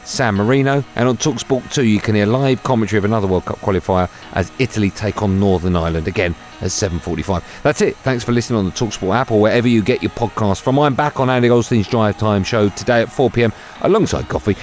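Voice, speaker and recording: A man's voice: mid-range voice, darkish tone. A man hosting a sports radio podcast, teasing his co-host in jokey banter.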